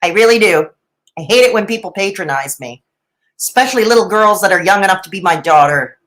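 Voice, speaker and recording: A woman's voice: mid-range voice, animated, brisk, fairly bright tone, rough recording. A middle-aged woman doing live reaction commentary, sarcastic and mocking, with dramatic asides and laughs. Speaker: reaction streamer.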